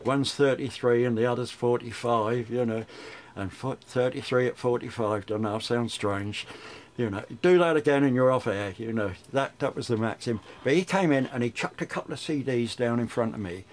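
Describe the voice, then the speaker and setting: A man's voice: mid-range voice, normal speed, few pauses. An older man, a radio DJ chatting through memories in an interview, rambling with frequent restarts. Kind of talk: reminiscing interview.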